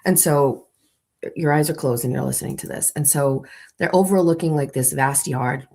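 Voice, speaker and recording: A morning show host tells a comic story to her live audience, theatrically and playfully guiding them through a scene she imagines. Her voice is rumbling low, gravelly and mellow, at a moderate pace.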